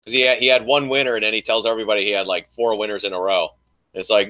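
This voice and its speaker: An older man hosting a casual live trading stream, talking in an animated, mocking way and laughing often. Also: mid-range voice, brisk. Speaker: live stream host, trader.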